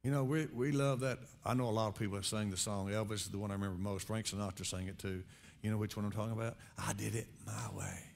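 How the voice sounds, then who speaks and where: A man preaching a sermon as pastor, conversational, swinging between quiet reflection and loud emphatic rises. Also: fairly even intonation, fast talker, slight background noise. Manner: conversational preaching with sudden rises in pitch and volume.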